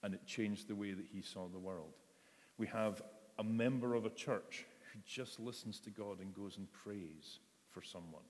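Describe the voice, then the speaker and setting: Delivering a sermon, a man speaks conversationally and acts out voices in quotes. His voice sits a little low with a darkish tone and moderate pace, ringing with the long reverb of a large church hall.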